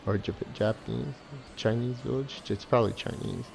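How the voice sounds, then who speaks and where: A man's voice: mid-range voice, fairly even intonation, moderate pace, gravelly, a little mellow, a little hiss or hum. A man giving casual, sarcastic, swear-heavy commentary while playing and reviewing a game. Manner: sarcastic, swears a lot, mocking laughs. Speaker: gameplay reviewer. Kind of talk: casual profane commentary over gameplay.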